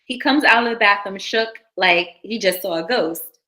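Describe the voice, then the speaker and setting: Bright-voiced woman hosting a live stream. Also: medium pitch, normal speed. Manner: casual, laughing asides to chat. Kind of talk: reading listener stories on a live stream.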